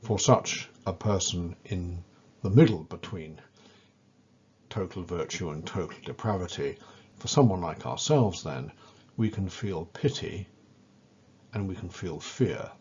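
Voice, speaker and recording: A man with a very low, slightly husky voice delivers a careful lecture at an unhurried pace. He speaks with measured weight and stresses the important words. The recording sounds a little dull and lo-fi. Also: expressive, a little mellow. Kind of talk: scripted educational lecture.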